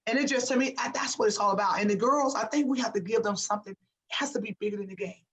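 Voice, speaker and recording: A woman's voice: medium pitch, fast, low-quality recording. Give me an emphatic woman coach giving a motivational interview, repeating phrases for effect. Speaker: guest, basketball coach.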